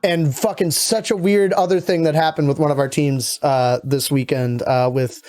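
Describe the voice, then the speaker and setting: A man's voice: on the high side, fairly even intonation, moderate pace, darkish tone. A man co-hosting a casual sports podcast, venting his feelings in an earnest, confessional way. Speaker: podcast co-host.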